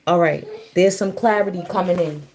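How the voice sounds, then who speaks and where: A woman's voice: fairly low pitch, moderate pace, a little mellow, slight background noise. A woman giving a casual spiritual reading on a livestream, in a loose, chatty way. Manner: loose and chatty, breaks off to scold children.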